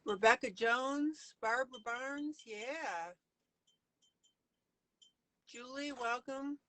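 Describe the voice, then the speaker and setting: Bright-voiced woman hosting a live stream. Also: high-pitched, drawn-out words, slight background noise, poor audio. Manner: chatty, greets viewers by name. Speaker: host of a live coloring stream. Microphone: webcam or computer mic on a video call.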